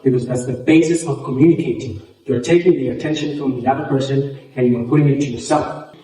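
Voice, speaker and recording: In a very echoey room, a man's mellow mid-range voice arrives from far off at a moderate pace. He coaches public speaking in a workshop, a native Xhosa speaker using English with a South African Xhosa accent, explaining and repeating points and demonstrating along the way.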